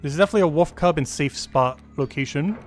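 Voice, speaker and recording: A man streaming a card game, thinking aloud about his moves and slowly reading out game text with many fillers. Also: on the high side, soft background music. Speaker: gaming streamer. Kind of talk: casual live-stream commentary.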